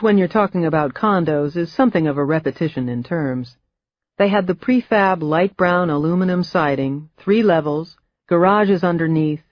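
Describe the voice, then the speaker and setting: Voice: medium pitch, dry recording, lo-fi sound. A narrator reading a thriller audiobook with dry, wry storytelling. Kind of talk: scripted narration.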